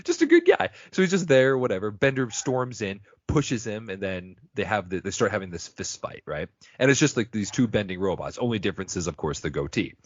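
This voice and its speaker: Deep-voiced man recapping an episode. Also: animated, no echo, lo-fi sound. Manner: loose storytelling with quick acted quotes. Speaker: podcast co-host.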